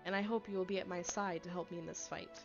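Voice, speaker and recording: A woman's voice: fairly low pitch, fairly even intonation, fast talker, vocal fry. Woman reading as a devoted werewolf alpha. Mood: solemn. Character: protective male werewolf alpha, solemn and devoted. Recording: slightly dull lo-fi audio, faint music.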